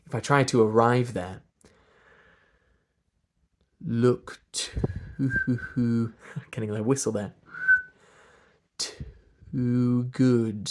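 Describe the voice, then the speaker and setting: A man's voice: medium pitch, fairly even intonation, takes it slowly, pauses often. A man with an English RP accent, coaching pronunciation by drilling sounds one at a time and explaining them. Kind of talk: slow pronunciation lesson.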